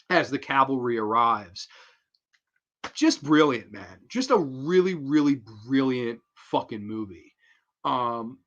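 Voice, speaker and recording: A man hosting horror film reviews in a loose, rambling, profane and animated way. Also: a little high, lo-fi sound. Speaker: horror movie reviewer, host. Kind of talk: casual spoken film review.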